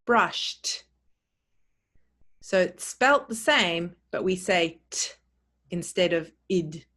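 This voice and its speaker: A woman leads a pronunciation lesson at an unhurried pace. Her voice sits a little low, and she repeats each word and spells it out letter by letter for learners. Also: lively intonation, a bit bright. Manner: careful, repeats and spells words out. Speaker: teacher.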